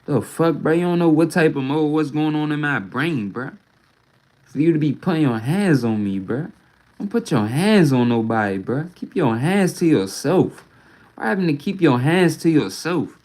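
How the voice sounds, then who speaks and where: A man's voice: a little high, animated, unhurried, darkish tone, poor audio. Man venting on a phone livestream. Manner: rambling, profane, ends nearly every phrase with "bruh". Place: at home.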